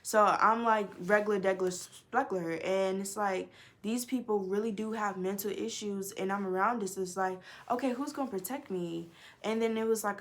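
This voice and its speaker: A young adult woman telling a storytime on her vlog, animated and profane, swinging between loud outbursts and low mutters. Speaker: vlogger. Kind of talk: casual storytime.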